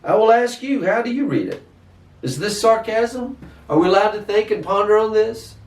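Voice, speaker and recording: A man preaching a sermon, animated and questioning, often repeating his words. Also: high voice, normal speed. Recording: echoey, distant from mic.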